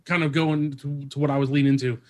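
A man of middling pitch hosts a casual podcast conversation. He rambles along with plenty of ums and uhs, then picks up energy when he gets excited. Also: fast. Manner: rambling, many fillers, lively when excited. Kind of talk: casual chat.

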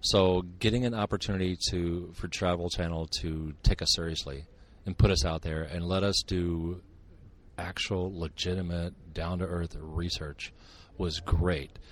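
Deep-voiced older man from Montana, joking. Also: measured pace. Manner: joking, sarcastic, animated storyteller. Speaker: guest, author and Bigfoot researcher. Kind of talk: casual podcast interview.

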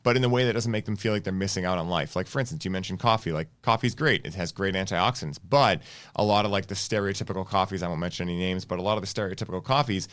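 A man guesting on a podcast, explaining things in an upbeat, quick way full of fillers. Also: low voice, fairly bright tone. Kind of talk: casual interview chat.

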